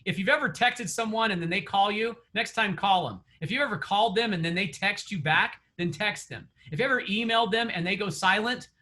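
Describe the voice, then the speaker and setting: A man's voice: high voice, brisk, few pauses, bright, forceful tone. A man coaching real estate agents in an online session, chatty, laughing often and quizzing the audience.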